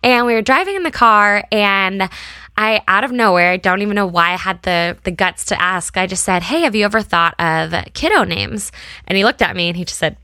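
A young American woman who founded a small brand tells her viewers a personal story, earnest and moved almost to tears as she addresses them directly. Her medium-pitched voice is bright, forward, and brisk. The recording is close and dry with no room sound.

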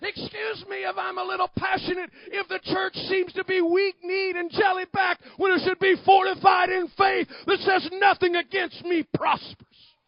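A male pastor preaches a fiery sermon in a very high voice. He swings from quiet, close asides to shouted declarations. The sound is dry and a little dull. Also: level tone, normal speed, creaky, no echo.

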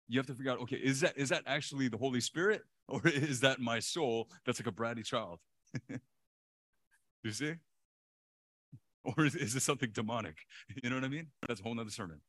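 A male pastor preaching a sermon in an animated way, chuckling often and repeating words for emphasis. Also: medium pitch, brisk, pauses often.

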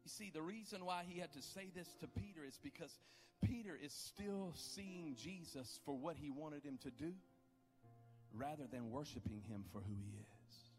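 A man preaching a sermon, building to loud impassioned peaks and dropping to low, quiet questions. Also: moderate pace, faint music behind. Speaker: pastor.

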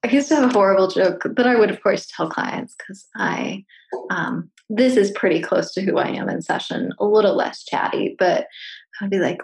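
Chatty, gravelly-voiced woman therapist. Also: mid-range voice, normal speed, poor audio. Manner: animated, chatty, swears freely. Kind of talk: casual conversation.

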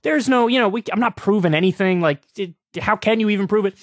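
A man hosting a political commentary show, talking casually with sarcastic, mocking, animated rants. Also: high-pitched, quick pace, no room sound, clean studio sound.

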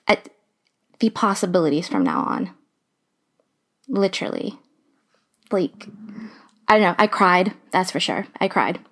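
A woman co-hosting a casual podcast, talking in an excitable, gushing way and repeating herself. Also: fairly low pitch, unhurried, long pauses. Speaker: podcast co-host.

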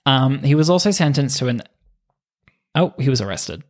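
A man's voice: mid-range voice, animated, moderate pace. A man co-hosting a podcast, telling stories in casual chat with lots of laughing and swearing. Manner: giggly, swears often. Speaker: podcast co-host.

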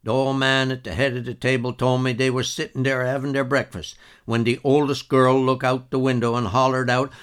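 A man's voice: mid-range voice, flat delivery, brisk, hardly any pauses, fairly bright tone, clear, resonant tone, voice pushed up, natural voice. A man voicing an old male storyteller with a Newfoundland accent, telling a tale in folksy dialect. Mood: excited yarn.

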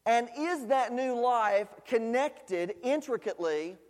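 High-voiced preacher in an echoing hall. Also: male voice, animated, slow. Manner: conversational preaching with frequent fillers, rising to emphatic questions. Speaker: pastor. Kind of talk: sermon. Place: church sanctuary.

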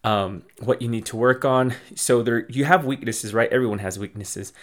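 A man's voice: mid-range voice, normal speed. A young man hosting a podcast, giving casual, encouraging life advice with many fillers and restarts. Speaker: podcast host. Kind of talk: casual motivational talk.

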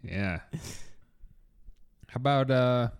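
A man's voice: medium pitch, very slow, clear, resonant tone. A man hosting a casual whiskey tasting podcast, enthusiastic and joking, with some cursing. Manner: enthusiastic, joking, swears freely. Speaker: podcast host.

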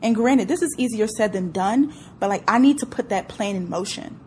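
A woman's voice: medium pitch, normal speed, darkish tone, a little hiss or hum. A young woman talking casually to her listeners, candid and brash, swearing freely and reacting with emotion. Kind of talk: casual solo talk to listeners.

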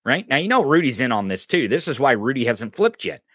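Male podcast host, angry profane rant, very animated pitch, bright sharp tone. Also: fairly quick, no room sound. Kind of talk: ranting political commentary.

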